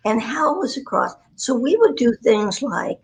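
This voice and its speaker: A woman's voice: on the high side, big pitch swings, a little slow, rough recording. A woman in her nineties telling rambling, self-deprecating stories from her career as a guest on a livestream. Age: 90s. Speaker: guest, voice actress. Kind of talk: storytelling interview. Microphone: remote livestream call.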